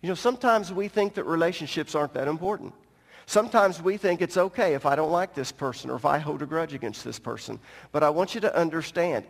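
A man with a high-pitched voice preaches from a church pulpit, explaining scripture with firm emphasis. He speaks directly to the congregation. The sound carries a long reverb from the sanctuary. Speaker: pastor. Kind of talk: sermon.

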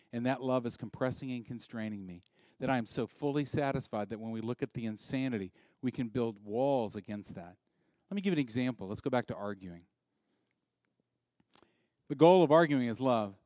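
A middle-aged man preaching a sermon, swinging from soft asides to loud, emphatic peaks. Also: mid-range voice, dry recording. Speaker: pastor.

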